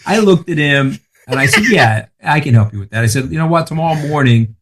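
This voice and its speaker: A man's voice: a little high, expressive, a little fast, a bit bright. A man in his sixties with a Long Island accent, telling stories as a podcast guest in a brash, emphatic way and swearing freely. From Long Island, New York. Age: 60s. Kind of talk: casual podcast chat.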